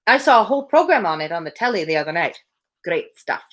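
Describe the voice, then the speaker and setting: A woman's voice: medium pitch, big pitch swings, racing. A woman voicing a chatty little man in a pub who tells jokes and muses aloud, now and then rolling an R. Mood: musing. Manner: talkative, joke-telling, faint rolled R. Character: chatty little male pipe-smoker in a pub.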